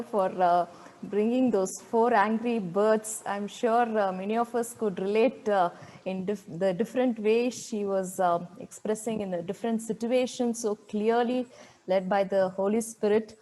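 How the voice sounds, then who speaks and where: A woman hosting a women's fellowship meeting on a video call, thanking the speaker with many pauses. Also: medium pitch, rough recording. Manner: warm thanks with many "uh" fillers.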